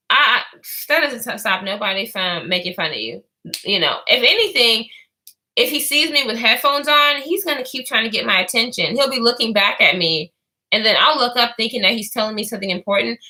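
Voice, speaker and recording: A woman's voice: fairly high pitch, big pitch swings, moderate pace, pushed and bright, low-quality recording. A woman vlogger telling a rambling story in casual talk, full of fillers and swearing.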